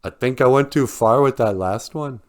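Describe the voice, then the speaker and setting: A man's voice: mid-range voice, moderate pace, close to an everyday voice. A man voicing a sly, joking male fox trickster who talks in teasing, boastful slang.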